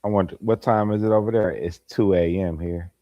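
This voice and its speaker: This livestream host has a low voice with fairly even intonation and talks briskly from home late at night, a light in his hand. He laughs often while chatting casually with viewers by name, and the audio has no echo and cut-off highs.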